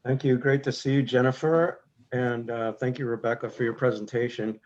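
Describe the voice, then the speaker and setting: A man's voice: medium pitch, fairly even intonation, normal speed, darkish tone. A man commenting on a video call, hesitant, with many fillers and repeated words. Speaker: audience member. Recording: dull video call audio.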